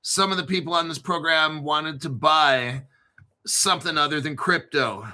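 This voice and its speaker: A man's voice: a little high, moderate pace, pushed and bright. A middle-aged man hosting a crypto show, joking and swearing as he tells rambling stories. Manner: joking, profane, storytelling. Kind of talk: rambling casual monologue.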